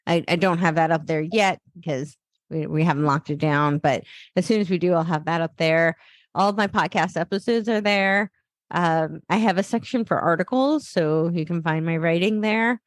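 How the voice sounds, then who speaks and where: A woman's voice: on the low side, moderate pace, no room sound, clean studio sound. A woman guest on a podcast who talks casually and loosely, with many fillers and restarts. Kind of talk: casual interview talk.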